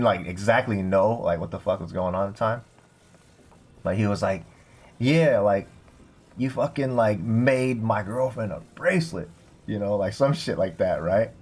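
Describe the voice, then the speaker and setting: A man's voice: fairly low pitch, expressive, moderate pace, darkish tone, husky. A young man streaming a game, telling a long rambling story full of swearing and filler words. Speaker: streamer and bartender. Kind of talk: casual storytelling while livestreaming a game.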